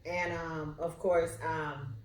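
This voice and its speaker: A woman's voice: deep voice, takes it slowly, echoey room, slight background noise. A woman, the host's mother, telling a family story in casual chat and acting out the quotes. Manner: animated storyteller, acts out quotes with laughter.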